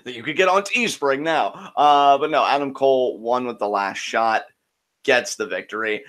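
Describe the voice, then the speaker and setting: A man co-hosting a show in relaxed casual chat, often pausing with ums. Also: medium pitch. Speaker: podcast co-host.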